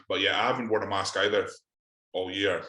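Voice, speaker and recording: A Scottish man with a very low voice but a bright, forceful tone, rambling casually and swearing in exasperation. His voice has a roomy echo around it. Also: moderate pace. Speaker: podcast co-host. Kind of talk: casual chat.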